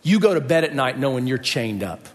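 His medium-pitched voice swings widely up and down as he talks a little fast in a large hall. The man is giving a sermon built around a personal story, acting out what each person said.

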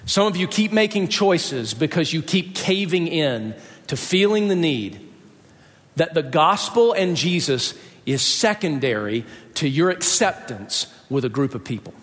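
A man's voice: fairly high pitch, animated, unhurried, fairly bright tone, long reverb tail. A man preaching a sermon, telling a personal story and acting out the voices of the people in it. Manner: storytelling, acts out quoted voices.

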